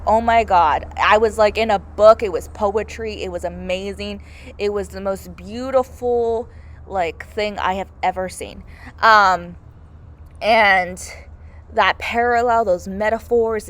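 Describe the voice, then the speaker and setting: A woman's voice: mid-range voice, slow, fairly bright tone. Gushing young woman reviewing a movie. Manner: gushing, heavy use of "like" and "oh my God". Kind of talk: casual spoken movie review.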